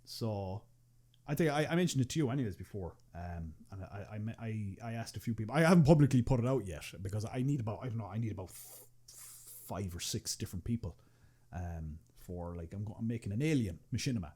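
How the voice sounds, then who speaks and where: A man's voice: fairly low pitch, expressive, fast, dark tone, slightly rough. A young Irish man chatting casually on a podcast as a guest, rambling with many restarts and fillers and swearing freely. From Ireland. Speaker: podcast guest, machinima creator.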